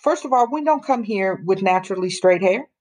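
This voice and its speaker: A woman co-hosting a casual opinion chat, talking bluntly and emphatically and slowing down to press her points. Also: medium pitch, expressive, a little mellow. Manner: emphatic, blunt, drops into slow deliberate points. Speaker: co-host.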